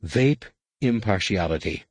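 A man voicing a fierce, blunt young woman Jedi who speaks in a sharp, cutting way. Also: fairly low pitch, lively intonation, measured pace, dry recording. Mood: angry.

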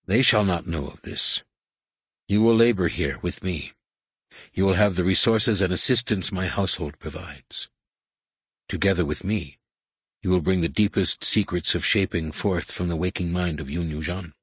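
A man reading an audiobook and voicing a majestic, menacing alien overlord who speaks in a hushed, whispered rumble, slow and commanding. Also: slightly rough, dry recording. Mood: solemn chanting.

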